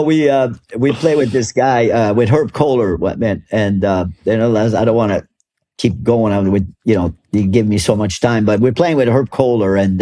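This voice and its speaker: Older male guest, slightly low voice, rambling anecdotal storyteller who laughs a lot. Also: mellow. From Canada. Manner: rambling, laughs often, many restarts. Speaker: golf club ambassador. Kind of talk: storytelling interview.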